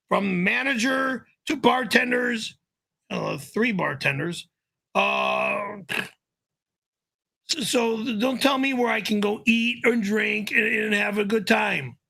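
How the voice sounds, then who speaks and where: A man doing a gravelly, high-pitched, cursing ranter. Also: animated. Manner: cursing, quick-tempered, flies into high-pitched yelling. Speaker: host of a live stream. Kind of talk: irate live-stream rant.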